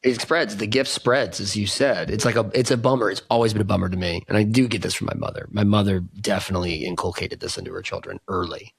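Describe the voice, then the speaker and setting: A man co-hosting a podcast in a low, gravelly voice with a husky edge. He talks in an emphatic, chatty way, agreeing eagerly. The recording is close and dry. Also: fairly even intonation, fast, hardly any pauses, dry recording. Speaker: podcast co-host. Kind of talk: casual podcast conversation.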